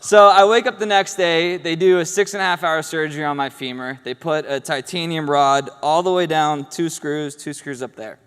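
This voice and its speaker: Speaking from an event hall stage, a man gives an award speech and tells a story in a casual, humorous way, acting out the quotes. His voice is a little high, bright, clear and resonant, with fairly even intonation, normal speed and hardly any pauses. The hall sounds echoey.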